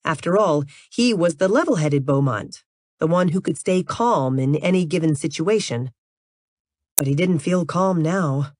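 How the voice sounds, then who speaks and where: Low-voiced woman reading an audiobook. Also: unhurried, a little mellow, a little hiss or hum. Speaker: audiobook narrator. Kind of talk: scripted audiobook narration.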